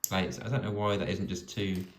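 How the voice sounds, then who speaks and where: A man's voice: low voice, little pitch movement, fairly quick. A man hosting a home video, thinking aloud as he builds, with dry jokes. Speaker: vlog host building a toy set. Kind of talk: casual step-by-step commentary. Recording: echoey room with faint noise.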